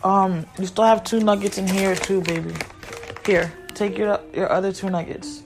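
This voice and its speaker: A woman's voice: mid-range voice, level tone, moderate pace. A woman in a mid-range voice talks casually to her podcast audience from home, rambling and blunt, drifting off-topic as she tends to her children. Faint music plays underneath. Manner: rambling, blunt, easily sidetracked. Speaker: podcast host and mother. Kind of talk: casual chat to viewers.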